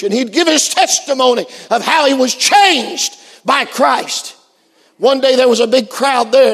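High voiced preacher guy shouting then going quiet, lots of hall echo. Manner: shouts and then drops very low for the story. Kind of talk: sermon. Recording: echoey hall.

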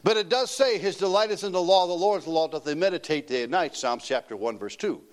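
A man's voice: a little high, expressive, quick pace. An older man preaching a teaching sermon, emphatic and folksy, repeating his key points to the congregation.

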